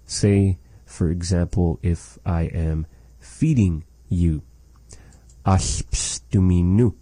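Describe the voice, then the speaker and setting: A man hosts a language lesson in a low, unhurried voice. He says each phrase slowly and patiently, then explains it. His tone is very dark and mellow, recorded dry and close. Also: fairly even intonation, no room sound. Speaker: language teacher. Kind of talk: slow, careful language lesson.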